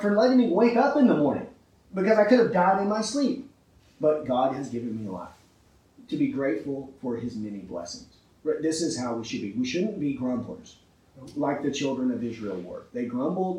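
A man's voice: fairly high pitch, darkish tone, echoey room, recorded from a distance, rough recording. A man preaching a sermon with emphasis, often asking his listeners rhetorical questions and checking in with "right?".

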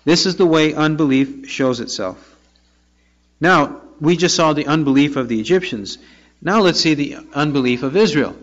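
A man's voice: a little high, normal speed. A man preaching a sermon verse by verse, reading scripture aloud and then pressing his listeners with rhetorical questions. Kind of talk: expository sermon. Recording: dull lo-fi recording.

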